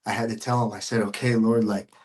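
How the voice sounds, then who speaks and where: A man's voice: fairly low pitch, little pitch movement, fast talker, darkish tone. A man sharing a personal faith testimony as a podcast guest, earnest and emotional, with casual slang and frequent repeats.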